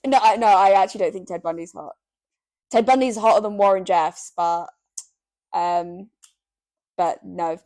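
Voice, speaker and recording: A woman's voice: mid-range voice, normal speed, long pauses, darkish tone, no room sound. Young female co-host, loose chatty delivery, dry recording. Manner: rambling, heavy on "like", swears freely. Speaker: podcast co-host. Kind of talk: casual chat.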